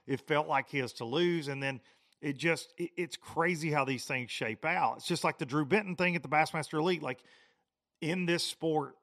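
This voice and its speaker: A man, hosting a podcast and telling a fishing tournament story in a lively, rambling way. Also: mid-range voice. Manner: animated storytelling, frequent restarts and repeats. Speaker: podcast host. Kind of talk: casual podcast monologue.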